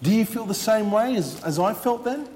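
A man's voice: high-pitched, expressive, normal speed, darkish tone, big-room sound, a little hiss or hum. A man preaching a sermon as he shares his testimony, earnest and repeating his words for emphasis.

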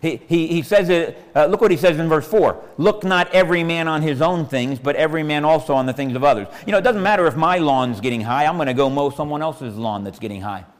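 A man's voice: on the high side, fast, few pauses. Folksy male pastor preaching in a hall. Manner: folksy, asks the congregation questions, repeats phrases. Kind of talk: sermon. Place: church sanctuary. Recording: long hall reverb.

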